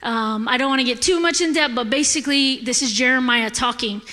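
A woman giving a sermon in a church, candid and animated, laughing often as she talks. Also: sits high, fairly quick. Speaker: guest preacher. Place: church sanctuary. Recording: echoey hall.

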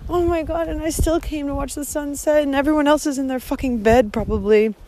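A woman's voice: high-pitched, fairly even intonation, fairly quick, mellow, slight background noise, rough recording. A woman in her thirties vlogging outdoors on a hike, talking effusively with lots of swearing and fillers, recorded on a handheld phone. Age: 30s. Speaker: vlogger on a long-distance hike. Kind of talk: casual spoken vlog monologue. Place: outdoors on a coastal hillside at dusk.

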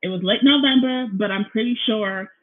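A woman's voice: on the high side, moderate pace. A young woman hosting her own podcast from her apartment, chatting casually and rambling with lots of ums, often apologizing and saying "you guys," a little nervous. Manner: nervous, feels out of breath. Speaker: podcast host. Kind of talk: casual solo podcast chat. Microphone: laptop recording, headphones in. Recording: tinny phone-like laptop recording.

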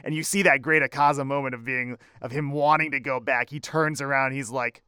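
A man gushing over a film in easy conversation, his voice smooth and clear. He trails off softly as each thought winds down, heard on a close, dry mic. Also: on the high side, fairly quick, no echo. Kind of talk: casual chat reviewing an anime film.

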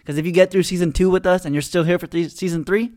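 A young man co-hosting a podcast, chatting casually and acting out quotes with growing excitement. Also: sits high, quick pace. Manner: animated storyteller, acts out quotes with rising excitement. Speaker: podcast co-host. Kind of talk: casual chat.

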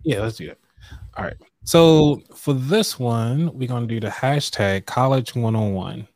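A man's voice: mid-range voice, unhurried, no room sound. Laid-back man hosting a live money show. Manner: relaxed, loose, with fillers and throat clearing. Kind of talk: casual live-stream chat and reading aloud.

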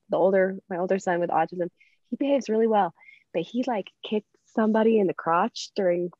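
A woman hosts a podcast in easy casual chat, laughing often and leaping high in pitch whenever she acts out what someone said. Her voice sounds dull and muffled. The recording is close and dry, with no room sound. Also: slightly rough, dry recording. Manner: chatty, laughs often, acts out quotes with big pitch jumps. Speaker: podcast host.

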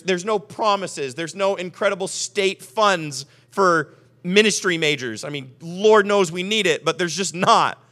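A young adult man preaching a sermon as pastor, animated and acting out the voices of his listeners. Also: high voice.

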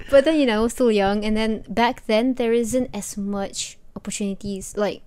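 Young woman podcasting, rambly and chatty, kinda high voice. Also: moderate pace, warm tone, smooth. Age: young adult. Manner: chatty, rambling, full of "like" and "you know". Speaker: podcast co-host. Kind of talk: casual chat.

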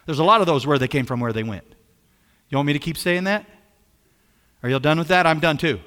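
A man with a high, bright voice preaches a sermon as pastor. He talks in an animated way, repeats his phrases and keeps asking his listeners questions. His voice carries a long reverb, as in a large hall. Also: a little fast, pauses often.

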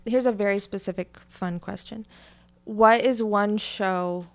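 A woman hosting a podcast in casual chat with a guest, chatty and quick to laugh. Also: mid-range voice, steady tone. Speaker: podcast host.

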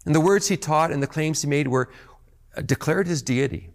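A man's voice: a little high, fairly quick. A man preaching a sermon as pastor, earnest and emphatic, often repeating words as he restarts phrases.

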